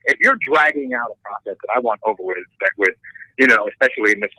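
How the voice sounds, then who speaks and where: A middle-aged man, a tattoo artist, telling a story in casual podcast talk, animated and profane, acting out the people in it. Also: fairly low pitch, quick pace, no echo, low-quality recording. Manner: animated, profane, acts out voices in stories.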